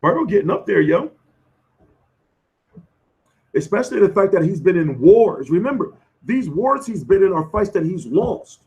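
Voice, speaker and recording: Man, live-stream host, hoarse, loose profane banter, slightly high voice. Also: very animated, normal speed, long pauses, darkish tone, highs cut off. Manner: loose, profane, slangy banter answering chat. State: losing his voice. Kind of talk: casual live-stream chat.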